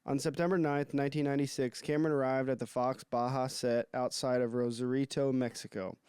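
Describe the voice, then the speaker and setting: Co-host, man, smooth and slightly high, dry close sound, easy laugher reading his notes. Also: flat delivery, fairly quick, darkish tone, dry recording. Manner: laughs easily, short reactions. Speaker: podcast co-host. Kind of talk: casual chat and reading research notes.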